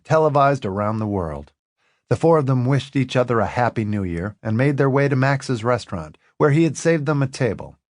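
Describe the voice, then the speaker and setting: A man narrating an audiobook in an expressive, lively reading. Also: medium pitch, dry recording, clean studio sound.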